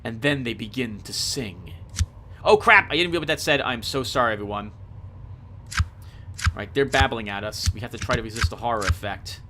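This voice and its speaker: A man doing casual game commentary, excitably explaining the rules aloud and reading out the game text. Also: medium pitch, brisk, noisy background. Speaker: let's play host.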